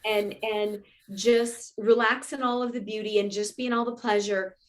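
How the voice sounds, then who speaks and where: A woman who is a guest in a casual spiritual conversation, speaking earnestly and haltingly, often repeating her words. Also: medium pitch, steady tone.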